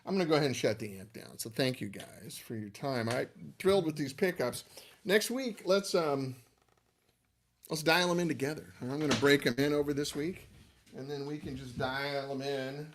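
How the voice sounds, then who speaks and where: A man's voice: mid-range voice, normal speed, slight background noise. A middle-aged man hosting a casual livestream, talking in a loose, rambling, self-deprecating way. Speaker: livestream host, amp builder.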